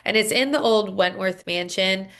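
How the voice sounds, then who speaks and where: A woman's voice: mid-range voice, moderate pace, fairly bright tone. A woman co-hosting a podcast, telling stories in a casual chat full of fillers like "like" and "um". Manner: chatty storytelling with many fillers. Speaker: podcast co-host.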